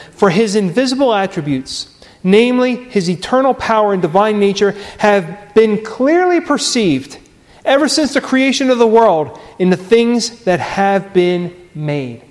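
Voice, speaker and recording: A man preaching a sermon, earnest and emphatic, repeating key phrases with pauses. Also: high voice. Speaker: pastor. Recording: long reverb of a large hall.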